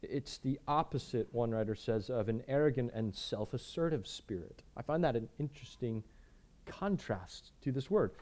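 A man preaching a sermon, earnest, repeating words and moving between emphatic lines and quiet ones. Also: mid-range voice, lively intonation, normal speed. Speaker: pastor.

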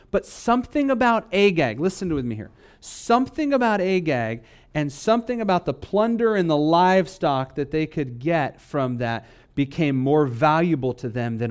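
A male pastor delivering a sermon in a slightly raised voice. He presses hard on key phrases, then drops low and quiet to draw the listener in. Scripture he reads slowly, stressing single words. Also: lively intonation. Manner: swings from loud emphatic lines to low, quiet asides.

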